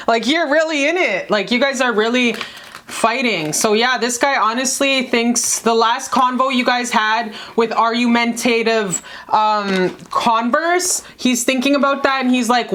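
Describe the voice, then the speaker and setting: A woman's voice: fairly high pitch, unhurried, fairly bright tone, slight background noise. Effusive, foul-mouthed woman reading tarot. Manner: effusive, affectionate and profane, calls viewers baby and honey; emphatic repetition. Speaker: tarot card reader. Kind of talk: casual tarot reading to viewers.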